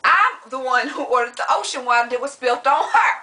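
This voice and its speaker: A woman's voice: sits high, expressive, brisk, bright, forceful tone. A woman co-hosting a casual vlog, chiming in with playful agreement and laughter. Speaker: vlog co-host. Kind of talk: casual chat.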